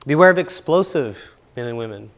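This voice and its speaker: With lively intonation and a slightly bright, medium-pitched voice, a middle-aged man talks fairly quickly through a relationship seminar. He is a counselor speaking to an audience in a university seminar room, chatty, telling stories in a relaxed way and repeating words for emphasis.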